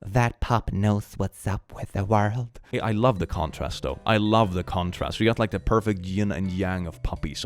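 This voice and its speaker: A man hosting a comedic reaction video, reading posts aloud and riffing on them sarcastically, often breaking into laughter. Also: lowish voice. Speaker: host reading and reacting to social media posts.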